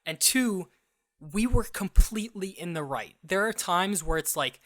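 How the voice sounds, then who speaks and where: A young man with a fairly high voice and a bright, forceful tone tells a story on a podcast. He talks casually, with fillers and restarts, and acts out the lines of the people in it. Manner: animated, acts out quoted dialogue; restarts and fillers, quick asides. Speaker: podcast co-host.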